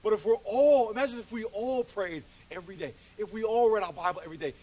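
A middle-aged man preaching a sermon as pastor, animated, with congregation call-outs. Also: sits high, fast. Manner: animated, acts out voices, calls for congregation responses. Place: church hall. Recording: distant mic with faint hiss.

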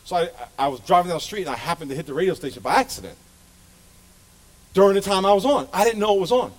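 A man's voice: high-pitched, animated, quick pace. A middle-aged male pastor preaching a sermon to his church with passionate, emphatic delivery. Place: church sanctuary.

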